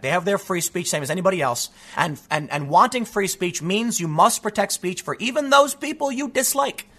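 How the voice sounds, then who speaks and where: A man's voice: high-pitched, pushed and bright. A man giving an emphatic news commentary, reading out reports and then ranting in casual, repetitive phrases. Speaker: political commentator.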